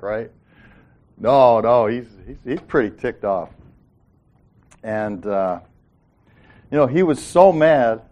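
A man's voice: mid-range voice, darkish tone. A man leading an informal Bible study, joking and acting out the characters' lines in a folksy way. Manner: folksy, joking, acts out quotes.

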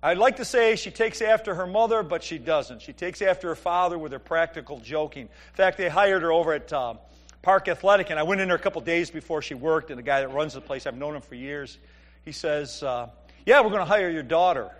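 Male pastor, middle-aged, high voice, chatty sermon, joking stories. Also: fairly quick, fairly bright tone. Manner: conversational, joking storytelling with Bible reading.

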